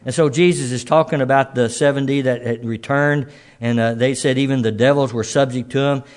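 A man's voice: mid-range voice, fairly even intonation, fairly quick. Folksy male preacher, easygoing sermon. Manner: folksy, conversational preaching with restarts and soft asides.

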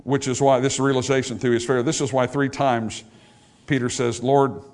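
A pastor preaching a sermon in a church, swinging between emphatic high points and hushed, soft passages. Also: male voice, flat delivery, brisk. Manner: dynamic preaching, rising to emphatic highs and dropping to hushed lows. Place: church sanctuary.

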